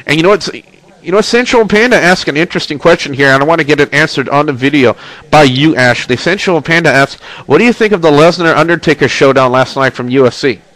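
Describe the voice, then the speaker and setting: A man's voice: fairly high pitch, fast talker, fairly bright tone, low-quality recording. A man hosting a casual wrestling and gaming webcast, congested with a stuffy nose, chatty as he plugs links and reads the chat. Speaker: host of a wrestling and video game webcast. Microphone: webcam mic.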